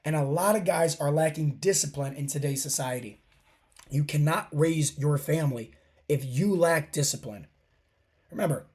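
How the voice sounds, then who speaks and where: A man in his thirties with a hoarse, scratchy voice from a sore throat, hosting a podcast as a fat loss coach and giving an emphatic, preachy motivational monologue that keeps repeating its key phrases. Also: on the high side, darkish tone.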